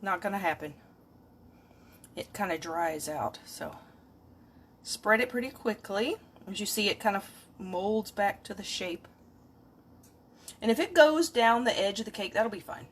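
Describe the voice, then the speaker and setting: A woman's voice: medium pitch, expressive, measured pace, long pauses, a little hiss or hum. Lady doing a cook-along, chatty, dishes clattering in the kitchen. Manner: chatty, talks to viewers while working. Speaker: home cook filming a cook-along. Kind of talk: casual cooking livestream. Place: home kitchen.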